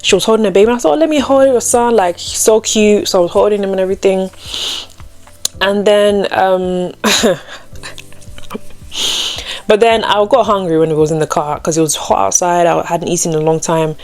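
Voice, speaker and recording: A young adult woman, a Christian storytime vlogger, shares a personal faith story in a casual, chatty way, peppering it with "like" and "you know." Her medium-pitched voice is a little mellow and fairly even, moving at normal speed with long pauses, and she raises it when acting out what other people said. Soft music plays in the background.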